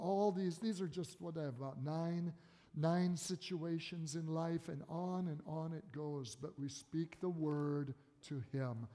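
A male pastor preaching and praying to his congregation in an earnest sermon style, swelling to emphatic peaks and dropping low. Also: mellow. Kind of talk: sermon with prayer. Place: church sanctuary. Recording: long reverb of a church hall.

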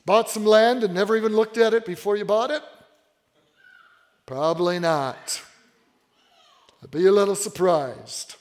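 A man preaching a sermon as pastor, animated and often asking the congregation questions. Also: sits high, unhurried, pauses often, big-room sound.

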